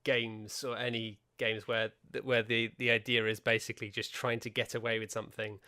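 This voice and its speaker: A man's voice: mid-range voice, level tone, brisk, sharp tone, smooth. Male guest, mid-range voice, dry self-deprecating anecdotes. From England. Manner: wry, self-deprecating storyteller. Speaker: podcast guest. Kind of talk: casual chat.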